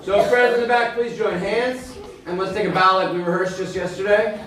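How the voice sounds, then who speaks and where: A man's voice: high-pitched, fairly even intonation, normal speed, crowd noise. Encouraging male teacher in an echoey hall. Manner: encouraging, directive. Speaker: teacher leading audience feedback. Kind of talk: classroom moderating. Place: school hall. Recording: echoey hall, distant mic, background noise.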